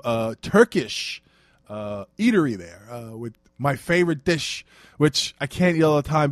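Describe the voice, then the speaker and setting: Rambling Brooklyn man, high dry voice. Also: no echo. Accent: Brooklyn New York. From Brooklyn, New York. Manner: rambling, swears freely, often trails off into "I don't know". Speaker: podcast host. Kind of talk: casual rambling monologue.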